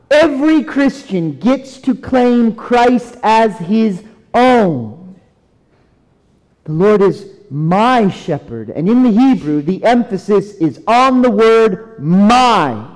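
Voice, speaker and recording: High-voiced preacher in a reverberant hall. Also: male voice. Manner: earnest, emphatic, with dramatic slowdowns and drops to near quiet. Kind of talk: sermon.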